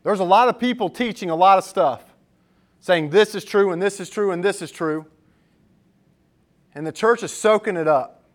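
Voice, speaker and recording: A man with a high-pitched voice preaching to his church in an earnest, emphatic manner. He shifts easily into conversational storytelling. His delivery stays direct and persuasive. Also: moderate pace, long pauses. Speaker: pastor. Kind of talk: sermon.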